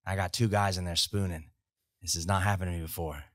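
Low-voiced profane American army storyteller. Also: male voice, fast, no echo, clean studio sound. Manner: profane, animated anecdote telling. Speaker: podcast guest, Army veteran. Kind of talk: casual storytelling. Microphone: podcast studio mic.

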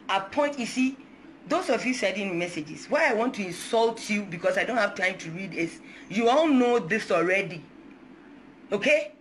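A woman's voice: medium pitch, animated, a little slow, slight background noise. A young Ghanaian woman in her twenties speaking out defiantly on a live video, switching between English and Twi and reading scripture aloud. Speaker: mother speaking out. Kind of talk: emotional social media live video.

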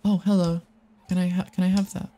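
A young adult streamer giving live game commentary, excitable and prone to swearing, rambling to viewers and to themselves. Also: medium pitch, fairly quick. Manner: rambling with frequent restarts and self-talk.

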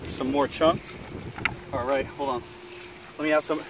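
A man hosting a casual outdoor fishing vlog by a pond, excitable and laughing a lot. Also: mid-range voice, measured pace, noisy background. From South Florida. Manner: excitable, laughs and yelps often. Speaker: fishing vlogger host.

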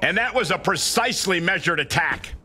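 A man's voice: high voice, lively intonation, brisk, pushed and bright, husky. A man doing play-by-play wrestling commentary for a video game, exclaiming at big moves.

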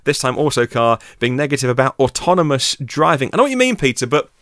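Brief: male podcast host, chatty and self-deprecating, very lively up-and-down pitch, dry close mic. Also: fast talker, no room sound. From United Kingdom. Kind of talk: casual solo news podcast.

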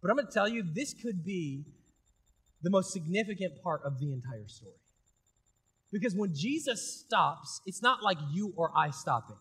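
A man preaching a sermon as pastor. He talks in a casual, conversational way, swinging between loud, emphatic bursts and quiet intensity. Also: sits high, very animated, normal speed, breathy edge.

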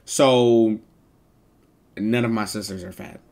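A man streaming live and chatting with his viewers in animated, joking banter full of slang and swearing. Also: on the low side, slow pace.

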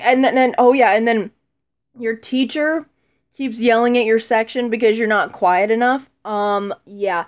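A woman's voice: on the high side, unhurried. Rambling teen girl vlogger, lo-fi. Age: teens. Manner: rambling, self-deprecating, frequent ums and laughs. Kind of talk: casual vlog chat.

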